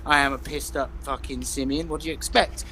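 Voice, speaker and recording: A man's voice: mid-range voice, steady tone, fairly quick, sharp tone. A man playing a drunk, foul-mouthed male monkey, bantering and greeting chat on a live stream. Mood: cheerful. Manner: sweary, rowdy, boisterous. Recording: faint background noise.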